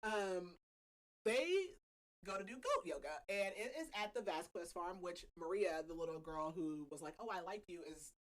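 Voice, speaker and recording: A woman's voice: fairly low pitch, moderate pace, slight background noise, poor audio. A young adult woman hosting a podcast, recapping a novel in casual chat, laughing often and leaning on "like" as filler. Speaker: podcast host.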